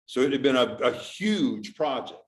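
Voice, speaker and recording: In a church sanctuary, a mid-range, animated male speaker talks casually to the congregation at a moderate pace, posing questions and explaining along the way. The sound is echoey, picked up from far off in the hall.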